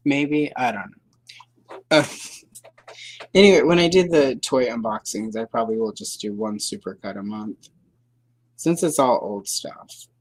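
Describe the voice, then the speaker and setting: A woman's voice: extremely low pitch, measured pace, pauses often, slightly rough, no room sound, rough recording. A woman hosting a livestream, chatting casually in a rambling, hedging way with dry sarcasm. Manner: rambling, hedging, full of fillers and self-corrections. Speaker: livestream host.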